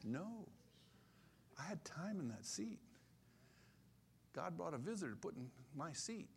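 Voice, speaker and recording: A man in his sixties preaching a sermon in an animated, conversational way, repeating his key phrases. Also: a little high, unhurried, vocal fry, a little hiss or hum. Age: 60s. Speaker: pastor.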